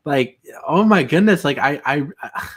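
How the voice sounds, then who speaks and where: Lively guy hosting a stream, reads chat out, laughs a lot. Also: on the high side, normal speed, slightly rough. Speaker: host. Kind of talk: casual livestream chat.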